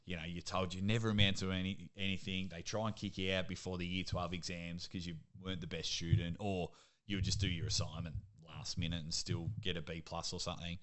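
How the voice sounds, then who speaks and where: Aussie guy on a podcast, bright clear voice, fairly low, loves a yarn. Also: fairly quick. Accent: Australian. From Australia. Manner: lively storyteller, laughs at himself. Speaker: podcast guest, sports commentator. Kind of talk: casual interview chat.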